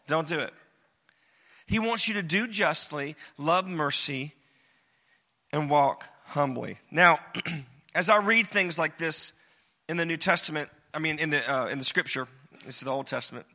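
A man's voice: high voice, sharp tone. A man preaching a sermon as pastor, talking in a conversational, joking way with emphatic repetition. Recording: long reverb of a hall.

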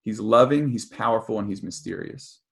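A man's voice: on the low side, moderate pace, creaky, fairly bright tone. Earnest, conversational man preaching a sermon. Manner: casual and earnest, with frequent ums and restarts. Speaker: pastor.

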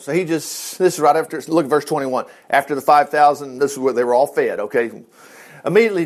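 A folksy male preacher giving a relaxed sermon in a lively voice that swoops up and down. He talks in a conversational way, slightly high for a man, and acts out voices as he goes. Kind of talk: informal sermon on Bible passages.

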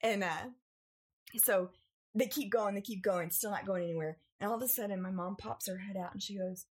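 A young woman in casual storytelling on a podcast, animated and acting out family members as she goes. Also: brisk, husky. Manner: animated, acts out family members with big pitch jumps. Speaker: podcast co-host.

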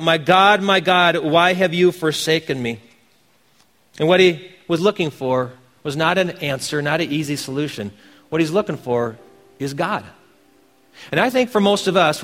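A man's voice: fairly high pitch, a bit bright, long reverb tail. A man preaching a sermon as pastor, earnest, pressing his points with emphatic questions.

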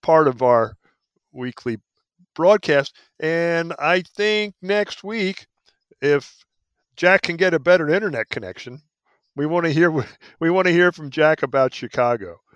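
A man's voice: fairly high pitch, animated, unhurried, clean tone, dry recording. A man hosting a podcast, wrapping up the show in a chatty, jokey way. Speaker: podcast host. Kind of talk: casual podcast talk.

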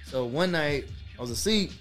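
A man's voice: on the high side, lively intonation, normal speed, fairly bright tone, soft background music. A young man telling a personal ghost story on a podcast, rambling with lots of fillers and swearing. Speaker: podcast co-host. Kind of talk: casual storytelling.

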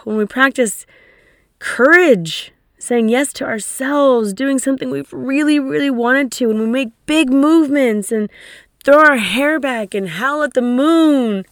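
An energetic woman speaks as a coach, urging listeners on with emphatic, casually sweary talk. Her voice sits on the higher side. The sound is dry and close, with no room echo. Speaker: coach and podcast host. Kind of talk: motivational solo talk.

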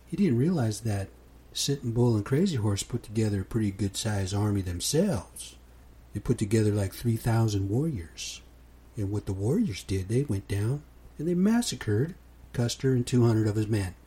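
A man's voice: fairly low pitch, mellow, slightly rough. A man hosting his own podcast in a laid-back, casual monologue, often ending sentences with "man". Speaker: podcast host.

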